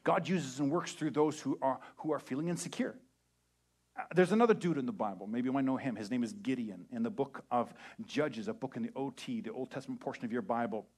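A young adult man preaching a sermon as a pastor, animated and acting out quoted voices. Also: mid-range voice, brisk.

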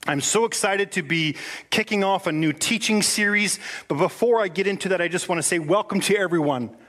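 Man, pastor, middle-aged, slightly high voice, excitable sermon, voice still recovering from a cough. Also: a little fast. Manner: excitable, enthusiastic preaching. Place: church auditorium.

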